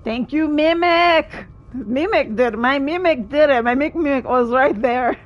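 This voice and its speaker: A woman streamer commenting live on her gameplay, excitable, often yelping and laughing. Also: sits high, moderate pace, dull audio. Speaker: streamer playing a video game.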